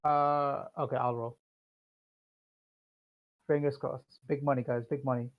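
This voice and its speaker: A man's voice: medium pitch, level tone, a little slow, phone-quality sound. A man playing a tabletop game online, hesitant, with many fillers. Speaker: player. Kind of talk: casual tabletop game talk.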